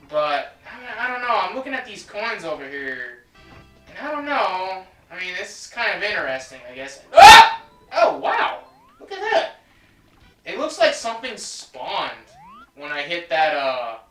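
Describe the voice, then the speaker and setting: A chatty let's play host with a bright, forceful voice and an animated, swooping pitch. They joke and talk to themself and to viewers as they play. The voice sits a little back from the mic in an echoey room, with game music underneath. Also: far from the mic. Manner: chatty, joking, talks to self and viewers. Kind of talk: casual gameplay commentary.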